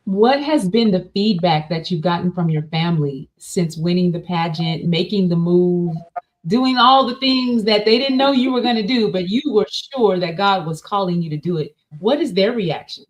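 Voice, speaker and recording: A woman's voice: on the low side, moderate pace. A woman hosting an interview, asking questions in an attentive, encouraging way. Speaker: talk show host. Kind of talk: casual interview chat. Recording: slightly dull lo-fi audio.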